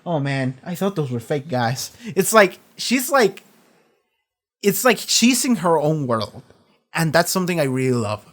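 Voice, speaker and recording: At an unhurried pace, a medium-pitched host works through his reaction to a TV episode in a casual, animated ramble. Profanity comes easily, and he circles back to restate his points.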